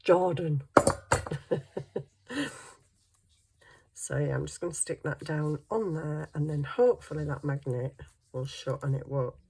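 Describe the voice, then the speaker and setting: A woman's voice: sits low, fairly even intonation, normal speed, vocal fry, mellow, slight background noise. A middle-aged woman, chatting casually and thinking aloud as she works on a craft project. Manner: chatty, thinks aloud while working, self-deprecating. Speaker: craft vlogger. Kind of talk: casual chat while crafting.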